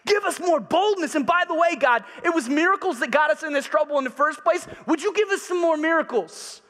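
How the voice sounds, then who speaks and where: A male pastor preaching a sermon, swinging from loud passionate preaching to quiet confiding asides and leading the congregation in call and response. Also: very high voice, a little fast, in a large hall. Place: church sanctuary.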